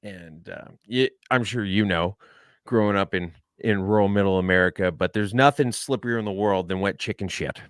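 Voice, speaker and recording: A man co-hosting a podcast, telling a long rambling story in a casual, deadpan joking way. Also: fairly low pitch, normal speed, clean tone, no room sound, clean studio sound. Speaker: podcast co-host.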